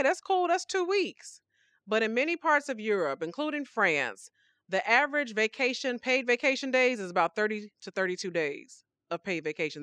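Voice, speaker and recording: A woman hosting a faith podcast, teaching scripture in an animated, conversational way with playful asides. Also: medium pitch, no echo. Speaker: podcast host.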